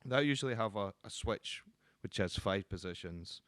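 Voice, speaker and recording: Low, smooth-voiced man explaining guitar parts. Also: moderate pace, dry recording. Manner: relaxed, with frequent ums and restarts. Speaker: guitar teacher. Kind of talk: casual instructional explanation.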